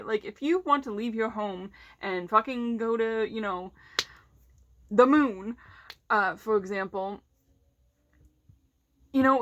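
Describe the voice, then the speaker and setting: A woman's voice: mid-range voice, fairly bright tone. A woman vlogger ranting casually and bluntly, swearing heavily and sounding frustrated.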